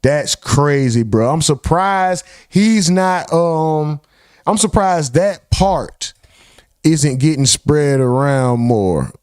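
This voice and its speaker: A man's voice: on the high side, takes it slowly, darkish tone, clean tone, no room sound, clean studio sound. Incredulous man hosting a reaction stream. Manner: incredulous, swearing, reads chat comments aloud. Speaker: live stream host. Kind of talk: casual reaction stream, reading chat.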